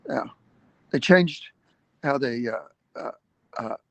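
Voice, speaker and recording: On a livestream, a male activist earnestly lays out his advocacy point by point, emphasizing key ideas and hesitating with fillers. His mid-range voice is animated, slow, and a bit bright, recorded roughly but without echo.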